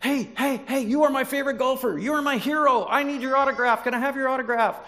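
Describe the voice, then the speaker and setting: A man voicing an excited, adoring woman fan during a sermon story, repeating herself breathlessly. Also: extremely high pitch, quick pace, voice pushed up, exaggerated voice. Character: gushing adoring female golf fan.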